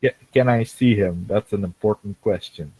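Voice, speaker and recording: A man playing a tabletop game, asking measured questions about the rules. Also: on the low side, mellow, husky, poor audio. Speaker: player.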